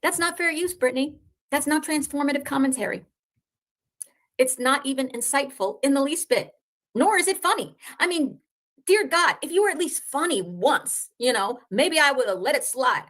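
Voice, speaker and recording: A woman's voice: high voice, lively intonation, a little fast, a bit bright. A woman hosting drama commentary, ranting with scorn and sarcasm at people she names, swearing casually. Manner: scornful, sarcastic, addresses rivals directly.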